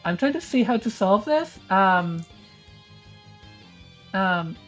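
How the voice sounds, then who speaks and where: A woman's voice: mid-range voice, expressive, slow pace, soft background music. A woman whose first language is not English, hosting a casual stream chat, hesitant with many fillers as she reads out the chat. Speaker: streamer host.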